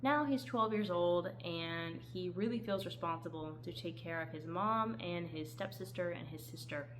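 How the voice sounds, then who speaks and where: A woman with a lowish voice, speaking at normal speed, casually chats about the books she has read as a book reviewer, laughing often and acting out lines with sudden lifts in her voice. The recording is rough, with a bit of hiss or hum.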